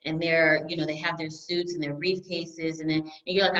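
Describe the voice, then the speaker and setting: A woman accountant presenting a webinar to small business owners, lively and acting out clients' voices. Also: low voice, normal speed, highs cut off.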